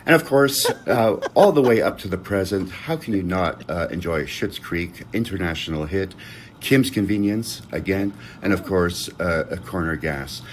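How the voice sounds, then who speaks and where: An older man from Canada, a guest comedian, giving a dry, deadpan recorded message full of self-mocking jokes. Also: low-pitched, normal speed, slight background noise.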